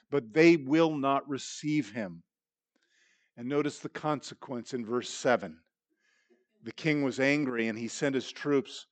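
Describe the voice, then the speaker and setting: A man's voice: medium pitch, no room sound. Man, pastor, sermon, earnest teaching, rhetorical questions, repeated restarts, dry close sound. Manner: repeats words when restarting. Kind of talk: expository sermon.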